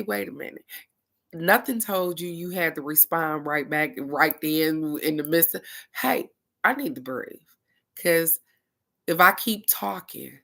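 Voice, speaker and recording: A middle-aged woman hosting a casual livestream in a chatty, informal way, laughing easily between thoughts. Her voice sits a little low but has a bright, forward edge. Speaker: livestream host.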